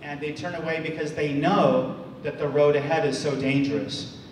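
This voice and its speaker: A man from the United States, in his forties, telling a story to an audience with many pauses and repeated words. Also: a little high, fairly even intonation. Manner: halting, repeats words, restarts often. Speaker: speaker. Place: large hall. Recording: echoey hall, distant mic, faint noise.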